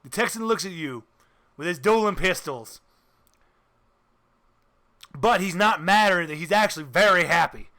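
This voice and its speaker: A man narrating a tabletop role-playing game as its game master, his speech unhurried and full of laughter and restarts. His voice sits high and swings widely, with a bright edge and a touch of vocal fry. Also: expressive. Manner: laughs often, stumbles and restarts.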